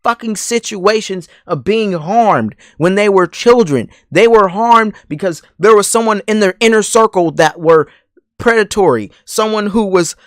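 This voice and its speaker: A man's voice: high voice, a little slow, a bit bright, no echo, studio quality. A man delivering a heated, profane call-out rant straight at someone, hammering the same points over and over. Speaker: commentary channel host.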